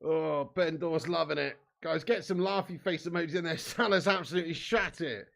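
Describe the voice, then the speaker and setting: A man's voice: on the high side, fairly quick, gravelly. A young man hosting a live football watch-along stream, commentating with swearing and banter while reading out chat messages. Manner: sweary, banter-heavy, swings from glum muttering to shouting and laughing.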